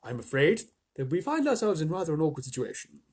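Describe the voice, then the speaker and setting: A man's voice: on the high side, big pitch swings, fast talker, darkish tone, breathy edge, full character voice. A man doing a genteel old grasshopper. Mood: grave. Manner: genteel, reassuring. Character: old, kindly, cheerful male grasshopper.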